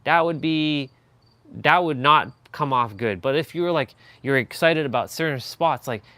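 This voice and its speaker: A man's voice: medium pitch, animated, moderate pace, sharp tone, no room sound. A man hosting a live stream and giving casual feedback on speaking. He talks loosely with many fillers and restarts, and pushes his voice up and down to demonstrate. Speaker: live stream host coaching a viewer on speaking.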